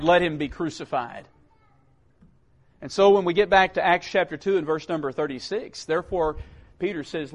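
A man preaching a sermon, swinging from loud emphatic calls down to low, quiet lines.

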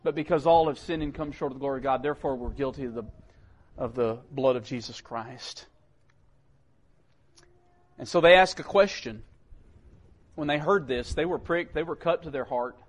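A man preaching a sermon, swinging from loud emphatic calls down to low, quiet lines. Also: normal speed, long pauses, dull audio.

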